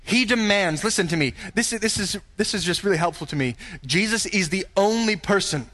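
A man with a high voice preaches from the pulpit. His delivery is earnest and emphatic, and he keeps turning to rhetorical questions. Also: expressive, fairly quick, fairly bright tone. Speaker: pastor. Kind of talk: sermon.

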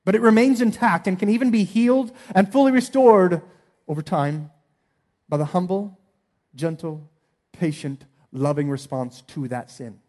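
A man in his thirties, a pastor preaching a sermon in an earnest way, dropping soft and then rising to emphatic appeals. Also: high voice, normal speed.

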